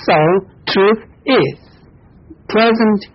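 A man gives a Buddhist dharma talk in halting non-native English, full of fillers and soft chuckles. His voice is husky and breathy, and the recording sounds dull and lo-fi. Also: high-pitched, lively intonation. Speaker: Buddhist teacher.

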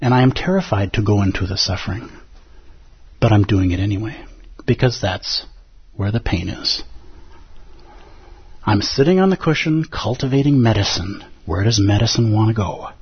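A man's voice: fairly low pitch, moderate pace, long pauses, husky. A man teaching as a Buddhist teacher in a conversational dharma talk, often asking his listeners rhetorical questions. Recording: dull lo-fi recording.

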